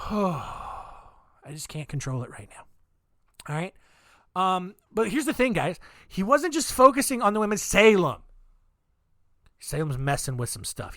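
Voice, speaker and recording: A man's voice: high-pitched, fairly bright tone, no echo, studio quality. Drunk man rambling through a crass story. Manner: rambling, crass, restarts a lot. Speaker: podcast host. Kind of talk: comedic storytelling.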